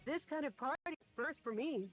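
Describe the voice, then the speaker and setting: An actress playing a polite, dutiful young presidential aide in a video game. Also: female voice, high voice, animated, moderate pace, a bit bright, dull audio, soft background music.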